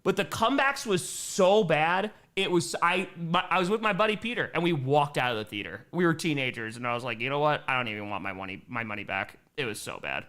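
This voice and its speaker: Man with a lively, bouncy chatty voice. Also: brisk, few pauses. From Wisconsin, USA. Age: 30s. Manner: chatty, reads chat aloud and riffs, talks to his cats in a high baby voice. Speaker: streamer answering chat questions. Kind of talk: casual live-stream Q&A.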